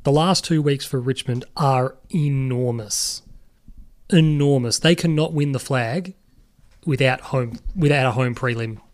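A young Australian man co-hosting a casual sports podcast, talking in animated bursts with heavy emphasis. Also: mid-range voice, unhurried. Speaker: podcast co-host.

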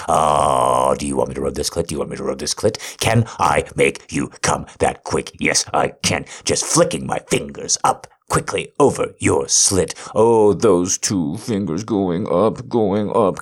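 Very deep-voiced, slow, commanding man. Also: creaky, husky. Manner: domineering, taunting, commanding. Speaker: audio role-play performer. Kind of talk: erotic audio role-play monologue.

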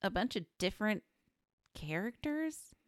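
Casual female podcast co-host, lively pitch, dry close mic, quick wry reactions. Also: no echo. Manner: chiming in with short reactions and dry jokes. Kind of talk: casual movie chat.

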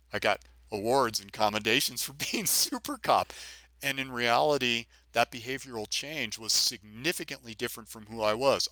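A middle-aged former police officer appears as a podcast guest, earnestly and vividly recounting his own experience and repeating himself for emphasis. His mid-range voice has a sharp tone, with no room sound.

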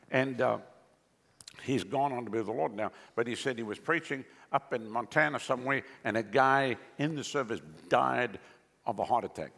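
Gravelly, bright-voiced preaching man. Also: in a large hall. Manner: animated, sweeping pitch jumps with a chuckling aside. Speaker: pastor. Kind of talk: preaching a sermon.

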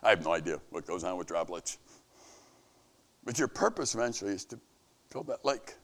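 A man's voice: animated, fairly quick, fairly bright tone. A man giving an earnest devotional message to camp staff, preaching with rising and falling emphasis. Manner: earnest, preaching, rises and falls in pitch. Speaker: camp leader.

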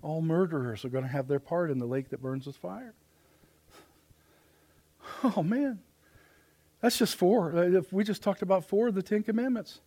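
A middle-aged man preaching a sermon in a church, folksy and plain-spoken, swinging from loud emphatic lines to hushed quiet asides. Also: sits high, a little fast, hardly any pauses. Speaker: pastor. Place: church sanctuary.

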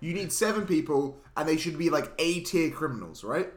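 A man co-hosting a casual movie review chat, animated and rambling, with loud interjections. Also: a little high, brisk, reverberant. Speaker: podcast co-host.

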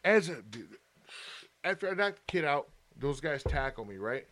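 A man's voice: on the high side, normal speed, noisy background. Profane man telling a brawl story. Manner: profane, animated storytelling, swears constantly. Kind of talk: casual chat.

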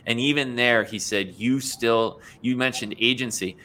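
A male podcast host with a mid-range voice speaks with eager, earnest enthusiasm. He restarts phrases now and then as he rushes to make his point. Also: mid-range voice, bright, forceful tone, slight background noise. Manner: enthusiastic, earnest, sometimes stumbling. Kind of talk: casual conversation.

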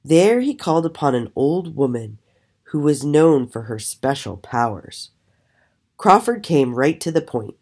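A woman telling a children's story aloud with an expressive, animated storytelling manner. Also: a bass voice, a little slow. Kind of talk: storybook reading.

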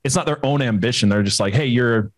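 A man in a casual political chat, opinionated and quick to laugh. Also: medium pitch, no room sound. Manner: opinionated, laughs often, hesitant fillers and restarts.

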